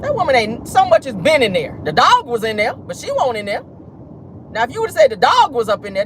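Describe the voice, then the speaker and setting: A woman hosts a celebrity gossip commentary show, blunt, sassy and profane, calling listeners "child" and "baby." Her voice is on the high side with big pitch swings and a slightly fast pace, over slight background noise.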